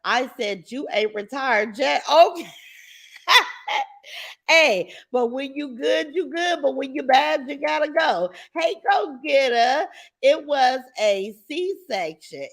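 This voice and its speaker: Woman, high voice, live stream host, casual chat, animated, exclaims often. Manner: animated, exclaims and repeats, addresses viewers as y'all.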